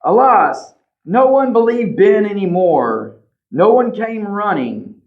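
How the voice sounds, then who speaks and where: A man reading a picture book aloud to children as a librarian, animated, pointing out the pictures and asking questions. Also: sits high, takes it slowly, vocal fry. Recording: slightly dull lo-fi recording.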